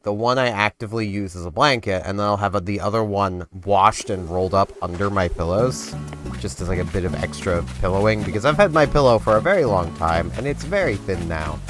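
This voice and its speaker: A man casually rambling while commenting on his gameplay, his voice hoarse and not yet warmed up. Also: fairly low pitch, a little fast. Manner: rambling, chatty, self-deprecating. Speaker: gaming video host. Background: game music.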